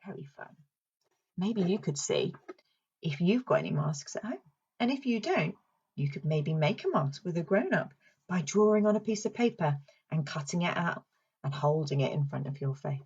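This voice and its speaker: Woman, British accent, speech therapist, sing-song voice for toddlers, very lively pitch, slightly husky. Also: dull audio. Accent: British English. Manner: sing-song, playful, slow and exaggerated for young children. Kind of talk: children's song and story session.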